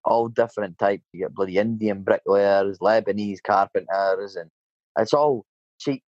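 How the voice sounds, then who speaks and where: A man's voice: on the low side, moderate pace, a little mellow, dry recording. A Scottish man with a Dundee accent talks shop as a decorator, blunt and sweary, tossing in "mate" and "eh?" all the time. The audio is dry and a bit dull, like a lo-fi call. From Scotland. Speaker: painter and decorator. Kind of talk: casual chat.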